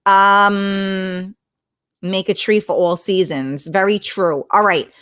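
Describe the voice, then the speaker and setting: A woman livestreams from home through her laptop mic, reading viewer comments and chatting bluntly with plenty of swearing. Her mid-range voice is fairly bright and clean, with fairly even intonation and a slow pace.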